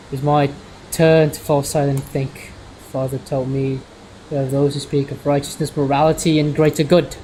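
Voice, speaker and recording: A man's voice: mid-range voice, flat delivery, moderate pace, mellow, slight background noise, low-quality recording. A man streaming as he reads a visual novel aloud, often stumbling and correcting his words.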